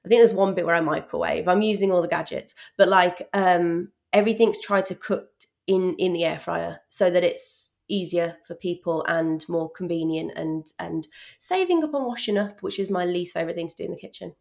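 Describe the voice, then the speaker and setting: A woman's voice: fairly low pitch, normal speed, gravelly. Bubbly woman guest on a podcast. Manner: bubbly and animated, lots of "like" and "um". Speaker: cookbook author guest. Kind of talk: casual interview chat.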